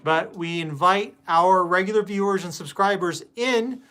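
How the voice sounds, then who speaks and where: A man's voice: high voice, a little slow, bright, forceful tone, clean tone. A man hosting a casual live stream, chatting and greeting viewers by name with plenty of fillers. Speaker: host.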